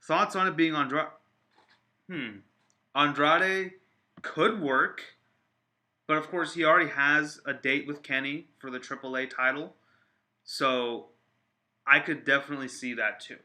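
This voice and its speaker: A man chatting casually on a live stream, rambling with many fillers and restarts and getting excited. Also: fairly high pitch, a little slow, pauses often. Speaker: wrestling vlogger reacting to viewer comments.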